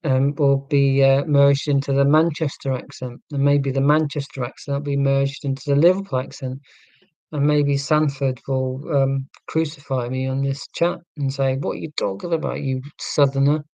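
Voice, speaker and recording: A man's voice: mid-range voice, flat delivery, normal speed, mellow, no room sound, muffled recording. A man from southern England hosting a casual live stream, reading chat and musing in a tangential, self-deprecating way. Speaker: livestream host reading chat.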